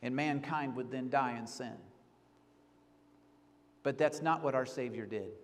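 A male pastor preaching an earnest sermon, rising to pleading and then dropping to hushed reflection. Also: medium pitch, unhurried, long reverb tail.

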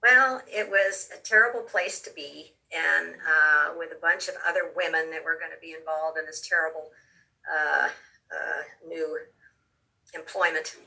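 A woman telling a personal story in a halting way, often repeating words, with real emotion, her voice a little distant from the mic. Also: low voice, creaky, pushed and bright. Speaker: storyteller recounting a near-death experience.

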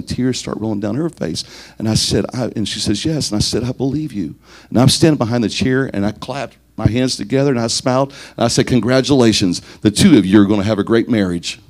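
A man's voice: fairly low pitch, a little mellow. A man telling a story as a sermon, earnest and building to an emphatic close. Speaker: minister.

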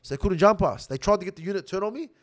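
A young Australian man telling a story as a podcast guest, profane, animated and swaggering. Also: high-pitched, rapid-fire. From Sydney, Australia. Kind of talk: casual storytelling.

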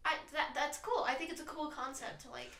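A young woman chatting loosely on a podcast, her sentences full of fillers and quick jokes at her own expense. Her voice is bright and a little high for a woman. She sounds set back from the mic in an echoey room. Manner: chatty, lots of fillers, self-deprecating jokes. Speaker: podcast co-host. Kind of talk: casual chat. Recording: roomy, distant mic.

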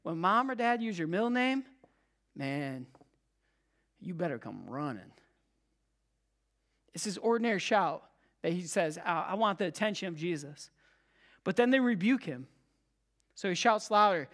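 A pastor preaching a sermon to a live congregation, emphatic and repetitive, swinging between loud cries and hushed low tones. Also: very animated, measured pace, pauses often. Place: church service with a live congregation.

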